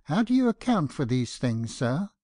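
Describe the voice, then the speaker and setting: Man voicing a stern indignant father, middle-aged, accusing, severe, raised pitch, louder, dry audiobook sound. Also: very animated, normal speed, no echo. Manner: severe, accusing, rising to outbursts. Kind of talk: audiobook character voice.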